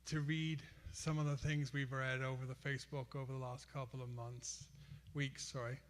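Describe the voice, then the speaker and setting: A man's voice: mid-range voice, level tone, moderate pace. Man, ex-pastor, son giving memorial remarks, self-deprecating, church reverb. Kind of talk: memorial speech. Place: church hall. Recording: church sanctuary with long reverb.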